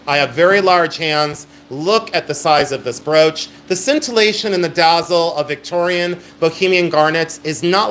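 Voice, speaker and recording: A man's voice: fairly high pitch, a bit bright, a little hiss or hum. A middle-aged man hosts a live-stream jewelry auction. He talks in a chatty, emphatic sales patter. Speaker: live sale host.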